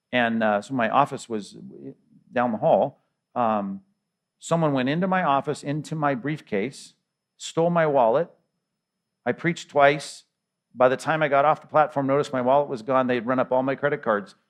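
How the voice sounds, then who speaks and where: A man's voice: medium pitch, normal speed. A middle-aged male pastor preaching a sermon in a conversational way, with repeated words and rhetorical questions.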